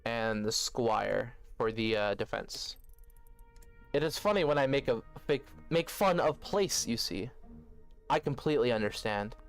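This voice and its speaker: Guy narrating his gameplay, smooth voice, cracking jokes, mid pitch, faint music under it. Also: lively intonation, a little slow. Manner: joking, thinking aloud. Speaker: gaming video host. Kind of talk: casual let's-play commentary.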